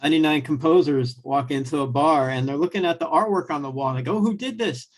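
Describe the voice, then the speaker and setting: A man telling pun jokes in an improv round over a video call. He talks in a casual, slightly apologetic way, his voice sitting a little high. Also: fast talker. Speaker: improv player.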